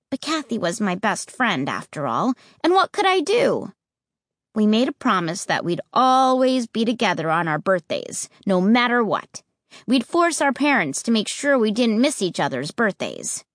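A woman's voice: fairly high pitch, normal speed, no echo, clean studio sound. A woman narrating a storybook and voicing its characters' lines. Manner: lively, acts out the characters' lines. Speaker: audiobook narrator.

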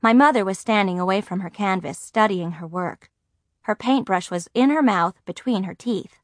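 A woman reading a first-person audiobook aloud, telling the story in a lively, expressive way. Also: medium pitch, moderate pace, no echo, clean studio sound. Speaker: audiobook narrator.

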